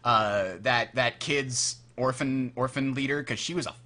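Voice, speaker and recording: A man co-hosting a casual gaming podcast, telling animated stories and acting out the lines he quotes. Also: medium pitch, unhurried, crowd noise. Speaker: podcast co-host.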